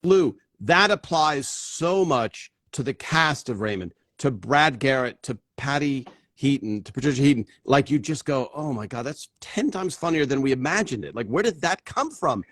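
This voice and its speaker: A man's voice: mid-range voice, animated, normal speed, hardly any pauses, a bit bright, no echo, clean studio sound. A man hosting a casual interview, chatty and prone to digressions. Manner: chatty, digressive, laughs often. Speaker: host.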